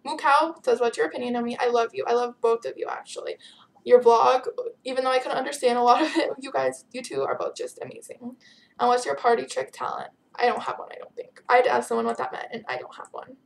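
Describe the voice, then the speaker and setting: A teenage girl talking through a vlog in a chatty, giggly way, her voice pitched a bit high with a gravelly fry. She sounds worn out but keeps things bubbly. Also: fairly even intonation, quick pace, slight background noise. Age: teens. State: tired. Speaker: vlogger answering viewer questions. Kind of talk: casual chat.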